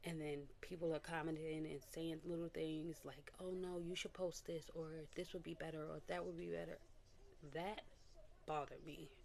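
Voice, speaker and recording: A young adult woman vlogger gives a candid personal testimony in a casual vlog, her low, gravelly voice moving at a moderate pace over slight background noise. She talks animatedly, acting out what people said with quoted voices and little laughs.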